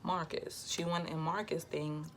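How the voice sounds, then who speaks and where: A young woman, telling a casual storytime in a lively, slangy way and quoting herself and others. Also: low voice, measured pace, a little hiss or hum. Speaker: vlogger.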